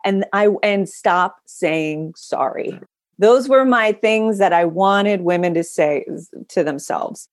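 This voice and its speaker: A woman guest on an interview, a public speaker explaining her talk with animated, dramatic storytelling. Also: mid-range voice, takes it slowly, no room sound, studio quality.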